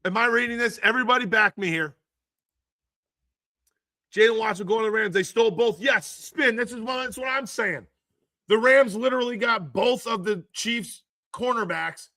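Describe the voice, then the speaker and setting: Hoarse dude streaming football news, gets all hyped, bright sharp voice, bone dry close mic. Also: male voice, extremely high pitch, normal speed, dry recording. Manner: excitable, laughs often, reads chat aloud. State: hoarse from screaming. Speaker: live stream host. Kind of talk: casual live-stream chat about football news.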